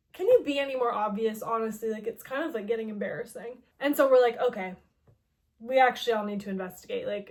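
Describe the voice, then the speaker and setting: A woman's voice: fairly high pitch, a little mellow. A woman casually recapping a story game, chatty and peppered with "like", paraphrasing characters as she goes. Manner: chatty, heavy use of "like", quoting characters in quick paraphrase. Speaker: gaming video host.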